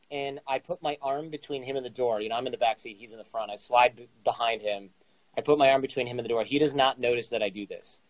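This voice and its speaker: A man's voice: mid-range voice, fast, no room sound, rough recording. A man in his forties casually telling a story, acting out the dialogue with energy. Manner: animated, acts out dialogue. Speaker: guest storyteller.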